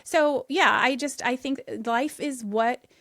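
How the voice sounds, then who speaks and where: A woman's voice: sits high, takes it slowly, fairly bright tone, dry recording, studio quality. A woman in her thirties, a guest on a podcast, speaking in an upbeat, emphatic way about her views. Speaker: podcast guest, author and podcast host. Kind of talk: casual podcast conversation.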